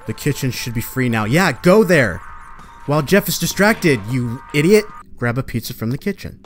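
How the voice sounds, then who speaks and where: Male let's-play host, mid-range voice, foul-mouthed running commentary on a horror game, quick to panic and shout, soft music bed behind. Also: mid-range voice, animated. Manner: profane, talks back at the game, bursts into loud panicked yelps.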